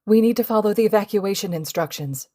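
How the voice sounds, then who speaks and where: Woman doing a loud, rushed teenage girl. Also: medium pitch, voice pushed up, close to an everyday voice. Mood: urgent. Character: excited teenage girl student, quick and urgent.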